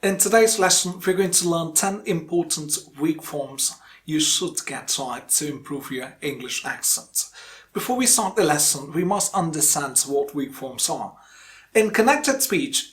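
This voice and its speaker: A man teaching an English pronunciation lesson, explaining terms and repeating example phrases slowly and deliberately for emphasis. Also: a little high, fairly bright tone.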